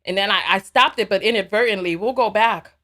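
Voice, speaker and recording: A woman hosting a live call-in stream, reading viewer messages aloud and commenting in an animated, sassy way. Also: mid-range voice. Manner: animated, sassy, quick to laugh. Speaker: live call-in show host.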